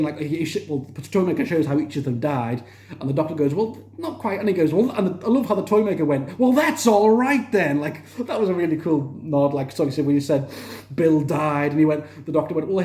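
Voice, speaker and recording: A man's voice: fairly high pitch, dark tone. Enthusiastic young man in echoey room. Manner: enthusiastic, rambling with restarts and fillers. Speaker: TV review vlogger. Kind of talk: casual spoken review.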